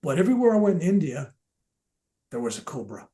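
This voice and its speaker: Speaking at a quick pace, an older man at a veterans event tells personal spiritual stories in a relaxed, off-the-cuff manner. His tone is warm and mellow, slightly high for a man, and he delivers it with animation, stumbling, starting sentences over, and falling to near-whispers for emphasis.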